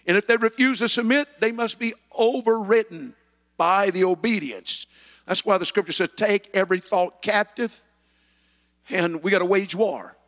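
A man preaching a sermon as pastor, building to shouted passages with scripture quotes in a church. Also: high voice, in a large hall. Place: church sanctuary.

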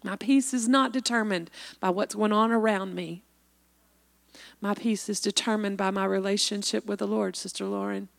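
A woman with a gravelly, fry-edged voice speaks earnestly in a church. She slows down to read scripture. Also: mid-range voice, steady tone. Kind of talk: sermon testimony and scripture reading.

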